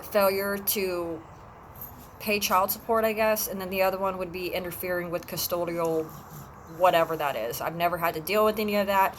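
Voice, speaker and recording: Halting woman telling a personal story. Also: lowish voice, fairly bright tone, slight background noise, rough recording. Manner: halting, many fillers and restarts. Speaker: vlogger. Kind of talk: emotional personal vlog.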